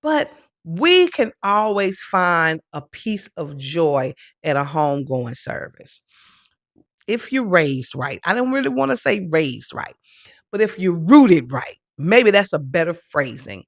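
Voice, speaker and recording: A woman hosting a casual chat show, talking in an animated, joking, chatty way. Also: mid-range voice, moderate pace, dry recording, studio quality. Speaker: host.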